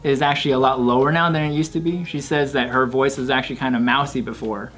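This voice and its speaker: A man hosting a casual panel chat, animated and quick to laugh. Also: mid-range voice. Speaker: host.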